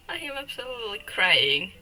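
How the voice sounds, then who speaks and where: Bright-voiced giggly woman streamer. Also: on the high side, wildly swooping pitch, unhurried, faint music behind, low-quality recording. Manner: giggly, teasing and swearing at chat. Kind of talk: live-stream chat with viewers.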